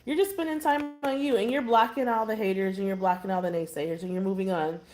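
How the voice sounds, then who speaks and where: A woman's voice: mid-range voice, steady tone, fast talker, darkish tone. A woman giving a casual tarot reading, blunt and chatty with exasperated asides. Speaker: tarot reader.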